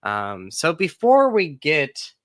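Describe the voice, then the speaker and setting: Bright, crisp-voiced upbeat podcast host. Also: male voice, on the high side, huge pitch swings, slow pace, no room sound. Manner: upbeat, chatty, talks straight to viewers. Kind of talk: casual live-stream podcast chat.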